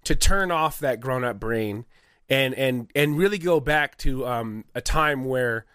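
A man in his thirties, a guest on a casual comedy podcast, who talks in a relaxed, rambling, self-mocking way. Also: mid-range voice, measured pace, smooth, no room sound, studio quality. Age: 30s.

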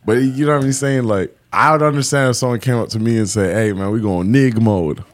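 A man co-hosting a podcast, telling stories in relaxed slang with plenty of swearing. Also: medium pitch, fairly quick. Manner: laid-back storytelling with slang and swearing. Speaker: podcast co-host. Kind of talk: casual podcast banter.

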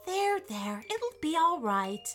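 A woman voicing a sensible, kind young girl in a storybook, speaking in a bright, earnest and reassuring way. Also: very high-pitched, wildly swooping pitch, slow, over music, voice pushed up, full character voice. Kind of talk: storybook character voice.

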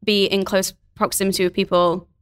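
A woman's voice: mid-range voice, little pitch movement, a little fast. A woman from Manchester with a southern English accent, a guest chatting and laughing on a live podcast. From Manchester, England.

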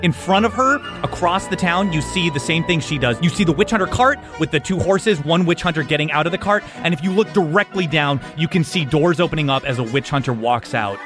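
A man's voice: on the high side, fairly quick, hardly any pauses, music in the background. A man narrating a tabletop game as game master, describing scenes and swearing casually.

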